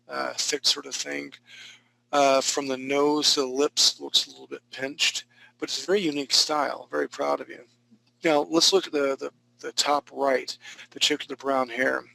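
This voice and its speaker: A man's voice: medium pitch, level tone, normal speed, vocal fry, pushed and bright, poor audio. A man teaching a live online drawing class, giving casual, encouraging critiques of students' work with jokes and frequent restarts. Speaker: art instructor.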